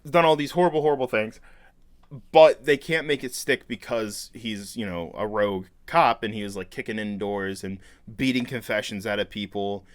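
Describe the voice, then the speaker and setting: A man's voice: fairly low pitch, moderate pace, dry recording. Chatty man on a dry video call. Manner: chatty, meandering storyteller. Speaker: podcast co-host. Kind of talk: casual chat.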